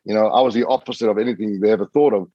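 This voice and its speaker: Man, low husky voice, earnest storyteller, dry dull lo-fi sound. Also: racing, no echo. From Australia. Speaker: podcast guest. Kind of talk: storytelling in conversation.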